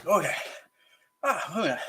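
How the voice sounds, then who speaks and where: A man hosting a casual livestream while eating hot sauces, his mouth burning and eyes teary, gasping, sighing and groaning between slow remarks. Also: sits high, big pitch swings, sharp tone, slightly rough. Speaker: livestream host.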